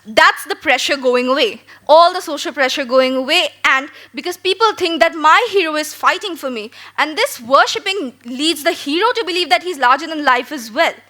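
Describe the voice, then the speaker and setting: A woman's voice: sits high, lively intonation, pushed and bright. A young woman from India giving an emphatic, rhetorical competitive debate speech at a school debate. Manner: emphatic, rhetorical, with dramatic pauses and questions.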